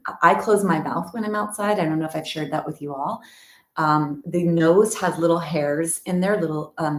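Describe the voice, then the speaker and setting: A middle-aged woman yoga teacher chatting with her students before an online class, greeting them by name and rambling easily from one thought to the next. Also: low-pitched. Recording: roomy echo.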